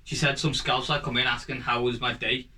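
A man's voice: mid-range voice, little pitch movement, fairly quick, pushed and bright, a little hiss or hum, rough recording. A young man with a Liverpool accent, chatting on a podcast and telling funny stories, swearing freely. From Liverpool, England. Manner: chatty storyteller, swears freely, laughs through his own stories. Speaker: podcast co-host. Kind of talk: casual chat, storytelling.

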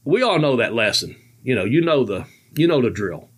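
In a casual storytelling chat, a podcast host in his fifties recounts road stories in a sing-song, mid-range voice with a breathy edge, talking a little fast. His delivery rambles, breaks into frequent laughter, and follows loose colloquial grammar.

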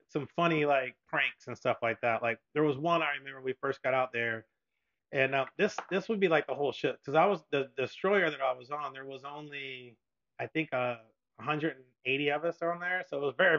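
A man's voice: medium pitch, fast, a bit bright. A male podcast co-host and Navy veteran telling a rambling story with frequent laughs and filler words. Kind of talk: casual storytelling. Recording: dull lo-fi recording.

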